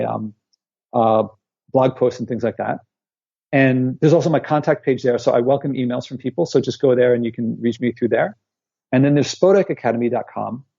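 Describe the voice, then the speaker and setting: Gravelly man in his forties, lo-fi. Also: medium pitch, dry recording. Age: 40s. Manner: animated storyteller who acts out quotes. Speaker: guest, author and professor. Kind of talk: conversational interview storytelling. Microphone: remote call line.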